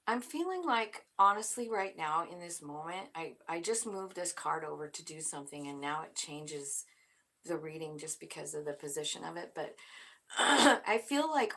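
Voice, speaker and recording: Blunt, chatty woman tarot reader, slightly low. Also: a bit bright. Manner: blunt, chatty, swears freely. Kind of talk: casual tarot reading to viewers.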